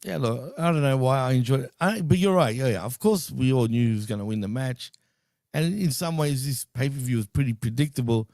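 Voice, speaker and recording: A man on a podcast talking wrestling in a loose, slangy, excitable way. His voice sits mid-range, recorded close and dry with no room sound. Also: medium pitch, fairly quick, no room sound. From Greek heritage. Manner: loose and excitable, swears and says dude and bro. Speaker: podcast co-host. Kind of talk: casual wrestling chat.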